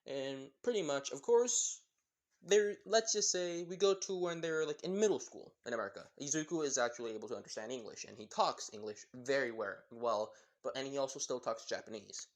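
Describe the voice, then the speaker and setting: A man's voice: mid-range voice, brisk. A man narrating a homemade fan story in a rambling, filler-heavy way, making it up as he goes. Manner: rambling, many fillers like "pretty much".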